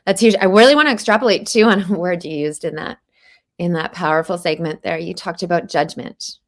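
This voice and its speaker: A woman's voice: on the low side, brisk. A woman in her forties hosting a podcast interview, speaking earnestly and with emphasis. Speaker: podcast host.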